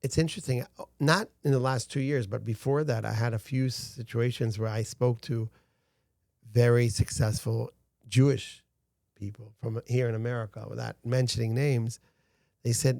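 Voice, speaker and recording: Gravelly, mellow-voiced man telling stories. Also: mid-range voice, steady tone, normal speed, no room sound, studio quality. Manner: earnest storytelling, frequent restarts. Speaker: guest, founder of a rescue organization. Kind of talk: casual interview talk.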